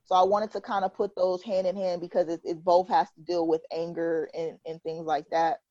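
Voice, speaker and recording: A woman's voice: fairly low pitch, level tone, normal speed, dark tone, dry recording. Candid woman hosting a podcast chat. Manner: candid, rambling, laughs easily. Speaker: podcast host. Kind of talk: casual group podcast chat. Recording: dry, slightly dull lo-fi sound.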